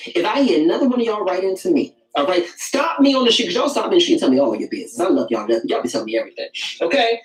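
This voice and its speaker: A man delivers dating rules in a sassy, emphatic way, calling his listeners baby and honey. His pitch swings widely from phrase to phrase. He sounds distant from the mic in a roomy, echoing space. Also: big pitch swings, rapid-fire, faint music behind. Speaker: dating advice video host. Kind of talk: preachy dating advice.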